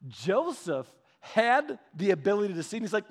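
Man, pastor, sermon, somewhat high voice, animated storytelling, soft scripture reading. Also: moderate pace, husky. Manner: animated, conversational storytelling with acted-out quotes.

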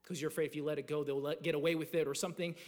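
A man in his thirties preaching a sermon as a pastor, earnest and animated, often restarting his phrases. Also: on the high side, racing. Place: church sanctuary. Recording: long reverb of a church hall.

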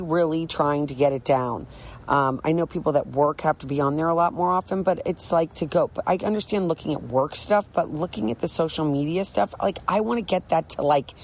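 A woman's voice: low voice, darkish tone, poor audio. A middle-aged woman talking candidly about her recovery from drinking, earnest and rambling, often restarting her sentences. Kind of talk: candid personal monologue.

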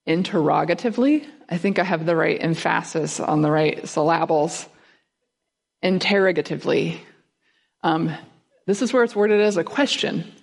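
Woman speaker, sermon, lower-pitched, conversational, quizzes the congregation. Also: gravelly. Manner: conversational, asks the audience questions. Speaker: guest speaker. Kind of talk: sermon teaching.

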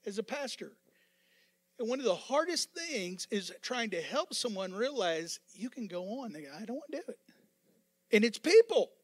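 A man over fifty preaching a sermon as pastor, fervent and repetitive, building up to yelling with joking asides. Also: high voice, sing-song, normal speed.

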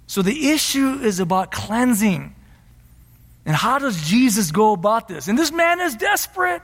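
A man's voice: very high voice, big pitch swings, moderate pace, fairly bright tone, long reverb tail. A man preaching a sermon as pastor, emphatic and repeating his key phrases.

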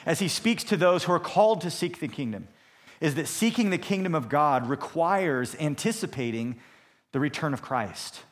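A man delivers a sermon from the pulpit, his voice sitting a little higher than most men's. He preaches in a steady, measured expository way, sometimes restarting a phrase before carrying on. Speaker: pastor.

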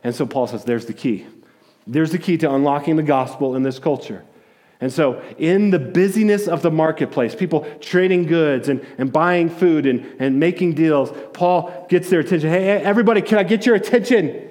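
A man's voice: fairly high pitch, moderate pace, a little mellow. A man preaching a sermon in a conversational, storytelling way, often restarting his words. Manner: storytelling, acting out voices in quotes. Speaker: pastor.

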